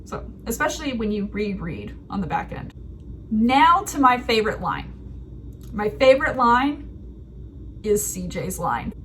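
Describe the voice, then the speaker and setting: A woman's voice: a little high, unhurried, a little hiss or hum. A woman in her thirties hosting a writing video, talking through a story casually and laughing at herself. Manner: chatty, animated, laughs at herself.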